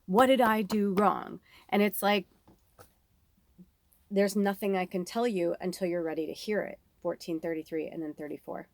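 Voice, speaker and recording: A woman's voice: lowish voice, level tone, normal speed, gravelly, a little mellow, no room sound. A woman in her thirties giving a casual psychic reading, talking candidly and rambling, swearing freely. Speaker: psychic medium. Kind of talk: casual spiritual reading monologue.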